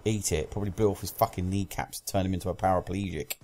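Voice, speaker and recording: Speaking fast in a low, steady, darkish voice, this young British gamer narrates his own play and rages at both enemies and teammates with nonstop swearing. A faint hiss or hum runs under the recording.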